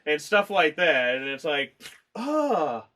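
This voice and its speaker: A man's voice: fairly high pitch, moderate pace, a bit bright. A man co-hosting a casual movie review chat, rambling, swearing freely and laughing as he talks.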